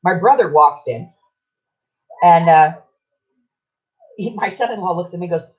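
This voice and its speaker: An older woman casually telling a long anecdote on a talk show, chatty and lively, slipping into other people's voices as she quotes them. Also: on the low side, a little slow, long pauses, muffled recording. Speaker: podcast co-host. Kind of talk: casual storytelling.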